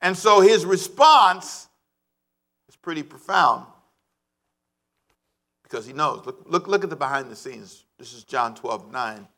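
Animated bright-voiced male pastor preaching. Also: fairly high pitch, measured pace, pauses often. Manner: animated preaching, calls for congregation response. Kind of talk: sermon.

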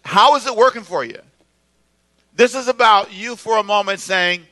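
High bright preaching man. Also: expressive, a little fast. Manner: conversational preaching with call-and-response. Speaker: pastor. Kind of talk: sermon.

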